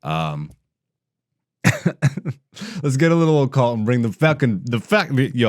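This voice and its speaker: A man in his thirties hosting a comedy podcast, ranting with heavy profanity and mockery, dropping to low mutters and rising to loud animated bursts. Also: moderate pace. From Ethiopian heritage.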